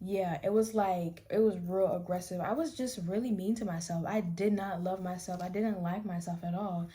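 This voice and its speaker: A woman's voice: on the low side, fairly even intonation, moderate pace, warm tone. A young woman doing her makeup while telling her story in a candid, rambling chat, often restarting her sentences. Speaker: vlogger. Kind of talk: casual get-ready-with-me chat.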